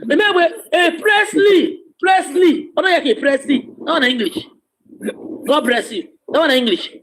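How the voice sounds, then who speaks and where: A Nigerian man in joking casual banter, teasing the others, laughing often and breaking into loud bursts. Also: very high voice, slight background noise.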